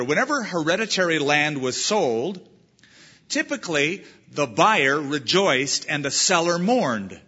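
A man's voice: mid-range voice, pushed and bright, breathy edge. A man pastor preaching an emphatic verse-by-verse sermon, weaving in a story, on a dull lo-fi sermon recording. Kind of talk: expository sermon.

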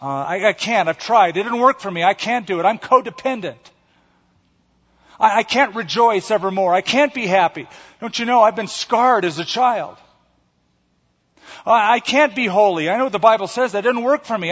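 Casting note: a pleading, self-pitying complainer, put on by a male preacher, high and strained, lo-fi hall sound. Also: fairly bright tone, breathy edge, exaggerated voice. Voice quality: stammering, pleading. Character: whiny self-pitying churchgoer full of excuses. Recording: echoey hall, dull lo-fi sound.

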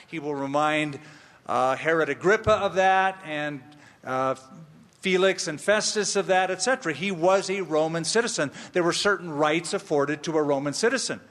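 A man preaching an expository sermon, emphatic and slow, with playful asides. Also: a little high, a bit bright, in a large hall. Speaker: pastor.

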